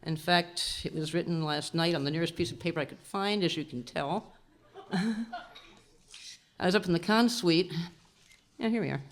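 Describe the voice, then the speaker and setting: A woman's voice: fairly low pitch, measured pace, pauses often. A woman folk singer chatting wryly between songs at a convention concert, laughing at herself as she introduces her pieces. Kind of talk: casual stage patter between songs. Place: indoor convention concert room. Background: guitar being strummed and tuned.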